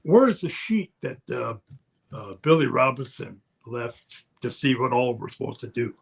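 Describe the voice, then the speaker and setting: A man's voice: mid-range voice, big pitch swings, a little slow, vocal fry, slightly rough, exaggerated voice. A man doing a sly, friendly old wrestler. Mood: casual. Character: veteran male wrestler, friendly and joking.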